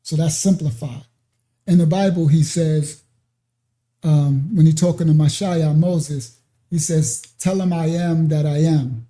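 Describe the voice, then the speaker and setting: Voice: medium pitch, fairly even intonation, measured pace, dark tone. A ministry teacher giving an informal scripture lesson, explaining step by step and checking in with "right?" and "okay?" as he goes off on side paths. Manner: digressive, with many fillers and restarts.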